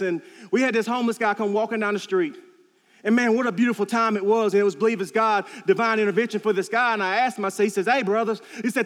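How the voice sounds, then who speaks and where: A man's voice: very high-pitched, fairly bright tone, long reverb tail. A man preaching a sermon in a church, earnest and storytelling, repeating key phrases for emphasis. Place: church sanctuary.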